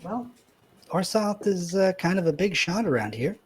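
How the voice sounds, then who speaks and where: Husky-voiced man narrating a tabletop game. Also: sits high, very animated, moderate pace. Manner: loose, filler-heavy narration. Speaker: dungeon master.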